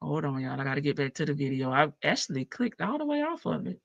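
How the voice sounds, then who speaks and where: A woman's voice: low-pitched, very animated, fast talker, creaky, no room sound. Sassy woman hosting a reaction stream. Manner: sarcastic, blunt. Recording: muffled lo-fi stream audio.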